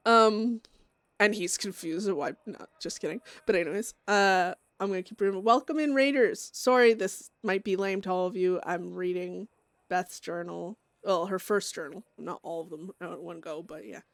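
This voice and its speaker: A woman streamer chats with her viewers between readings, bubbly and giggly, cursing freely. Her voice sits a little low, and the mic sound is dry and close. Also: normal speed, creaky, dry recording. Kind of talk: casual live-stream chat.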